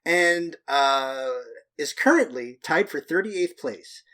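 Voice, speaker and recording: Male co-host, slightly higher voice, casual jokey banter with cursing. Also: lively intonation, takes it slowly, sharp tone. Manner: joking, profane, loose. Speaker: podcast co-host. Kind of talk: casual podcast chat.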